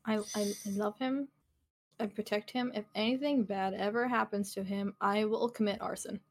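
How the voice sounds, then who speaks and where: A woman in casual livestream chat, with a voice pitched in the ordinary middle range. She is playful and giggly and keeps tripping into little restarts as she talks. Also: steady tone, moderate pace. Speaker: livestream podcast co-host.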